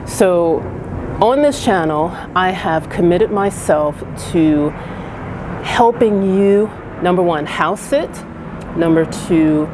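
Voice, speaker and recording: A woman with a low voice talks to her camera in a casual, earnest vlog. She encourages her viewers warmly, restarting her sentences and adding fillers as she goes. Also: lively intonation, slow pace, background noise. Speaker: vlogger. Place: house she is house sitting.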